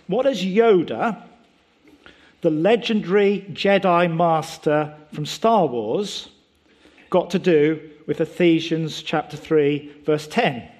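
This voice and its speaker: A man delivers a sermon in an emphatic, explanatory way, often pausing on rhetorical questions. His voice sits a little higher than most men's. He builds each point in steps. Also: a little mellow. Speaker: preacher.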